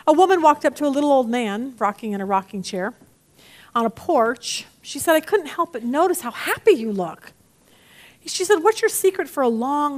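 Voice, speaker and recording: A woman teaching a Bible study lesson in a chatty, animated way, acting out the people she quotes. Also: high voice.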